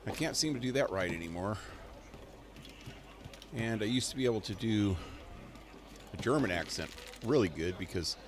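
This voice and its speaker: A man's voice: fairly low pitch, animated, normal speed, long pauses. A man streaming a game live, rambling and chuckling as he plays and talks to his dog. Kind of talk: live gameplay commentary.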